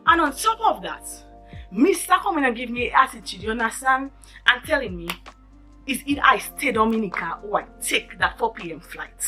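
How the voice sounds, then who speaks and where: A woman with a Caribbean English accent, telling a storytime vlog in an animated, emphatic way. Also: a little high, moderate pace, pauses often, soft background music. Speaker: vlogger.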